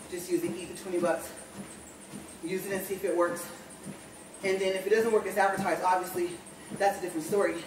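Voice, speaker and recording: A woman's voice: fairly low pitch, slight background noise. A woman vlogging casually while walking on a treadmill, out of breath and rambling as she corrects herself. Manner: rambling, self-correcting chatter. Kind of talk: casual walk-and-talk vlog. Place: home room on a treadmill. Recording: roomy, distant home recording.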